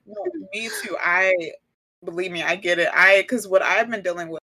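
A woman's voice: fairly low pitch, moderate pace, pushed and bright. Reflective woman in rambling chat. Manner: reflective, rambling, heavy on "like" and "you know". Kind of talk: casual chat.

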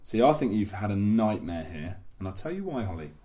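A man in his thirties from England, chatting casually and swearing as he tells animated stories with put-on voices. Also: on the low side, brisk. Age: 30s. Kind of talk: casual chat.

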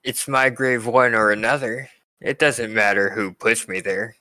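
A man's voice: lowish voice, steady tone, measured pace, sharp tone, dry recording. Man playing a defiant giant bird creature.

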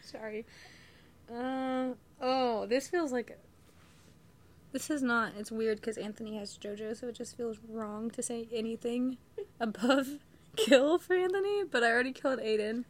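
A woman's voice: a little high, unhurried. A young woman chatting as a podcast guest, giggling often, nervous and swearing freely. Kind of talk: casual chat.

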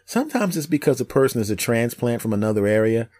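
A middle-aged man from Philadelphia chats casually as host, with no regional accent to his voice. He tells stories with animated energy, slipping into voices and laughing often. His pitch sits in the middle range. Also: quick pace. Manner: animated storyteller, slips into funny voices, laughs a lot. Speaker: podcast host and comedian. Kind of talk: casual chat.

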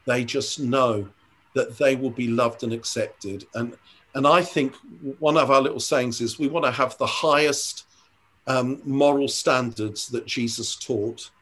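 An older man speaks in an ordinary, mid-pitched voice, earnest and reflective. He is a church leader chatting in an interview. He often hesitates and restarts his sentences as he thinks. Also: steady tone, a little slow, a bit bright. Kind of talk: conversational interview storytelling.

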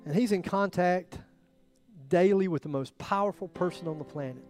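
Man, pastor, high voice, dramatic sermon delivery, soft music behind. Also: normal speed. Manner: dramatic, acts out biblical quotes with swings in loudness.

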